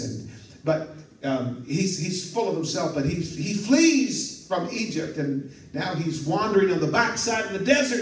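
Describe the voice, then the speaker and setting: A male pastor preaching a sermon, telling a story in a lively way, acting out the dialogue and chuckling at his own asides. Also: a little high, a little hiss or hum. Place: church sanctuary. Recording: echoey church hall from far off.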